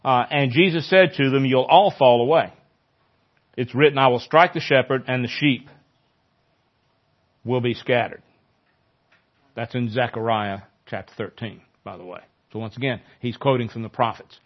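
A male pastor preaching a sermon in a conversational way, growing animated when he quotes scripture. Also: mid-range voice, moderate pace, long pauses, highs cut off.

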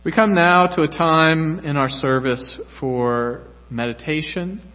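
A male pastor preaching a sermon in a church, earnest and measured. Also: a little high. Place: church sanctuary. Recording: echoey church hall, dull lo-fi sound.

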